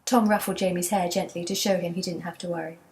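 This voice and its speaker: A woman narrating a children's chapter book in a steady, gentle storytelling manner. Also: lowish voice, fast talker. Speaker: audiobook narrator.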